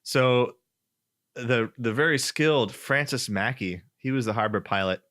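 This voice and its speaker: A man co-hosting a casual podcast chat, telling a story in an animated way and acting out quoted voices. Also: medium pitch, measured pace. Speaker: podcast co-host.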